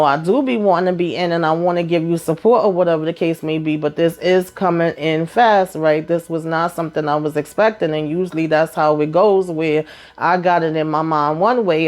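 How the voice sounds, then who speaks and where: A woman, chatting through a TV episode recap. She retells scenes in a loose, animated way, jumping into the characters' lines and leaning on fillers as she goes. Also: low-pitched. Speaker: TV recap host.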